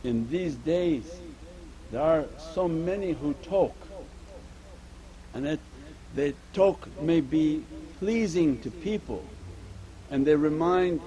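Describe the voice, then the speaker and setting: A man's voice: a little high, warm tone, poor audio. A man giving an earnest Sufi sermon, repeating his points and mixing Arabic religious terms into English. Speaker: Sufi teacher.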